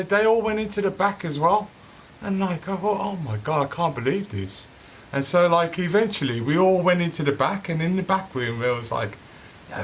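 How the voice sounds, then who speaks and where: A man's voice: on the high side, fairly bright tone, a little hiss or hum. A man telling a casual, rambling story full of fillers and restarts. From Birmingham, England. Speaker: cannabis seed breeder telling a story.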